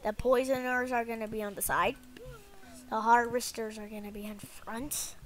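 A woman's voice: fairly high pitch, steady tone, normal speed. A woman commenting on her own gameplay, thinking aloud in a hesitant way as she sets up her units. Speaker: gamer. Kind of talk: let's play commentary.

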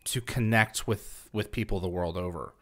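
A man hosting an interview, reading out viewer questions and speaking earnestly and supportively, with some halting. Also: low-pitched, crowd noise. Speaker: podcast host. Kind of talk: casual video interview.

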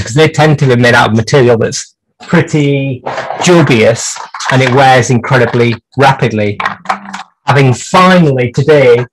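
A man talking through a workshop demonstration at a middling pitch, wandering from point to point as his hands keep busy. He thinks aloud, teaching clock repair live from his bench. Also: rough recording.

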